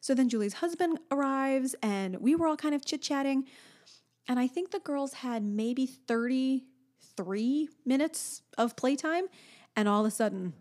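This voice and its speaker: A woman in her thirties chats through a story with lively energy. Her voice sits a little high, and she jumps into other people's voices as she goes. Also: a little slow. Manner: animated storyteller, acts out a toddler's high voice. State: pregnant. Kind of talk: casual storytelling chat.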